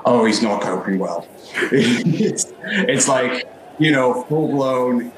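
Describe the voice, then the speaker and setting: A man playing in a tabletop game, chatting in a relaxed, laughing way. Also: lowish voice, echoey room, noisy background. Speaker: player. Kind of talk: casual tabletop game play.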